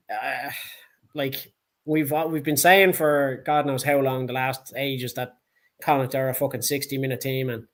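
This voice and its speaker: A man's voice: medium pitch, fairly bright tone. A man with a Dublin accent co-hosting a casual sports chat, blunt, heated and full of swearing. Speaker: podcast co-host.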